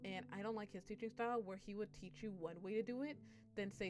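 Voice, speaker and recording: A woman's voice: medium pitch, fairly even intonation, fast, faint music behind. A young woman streamer chatting casually on a live stream, rambling, swearing and laughing as she talks.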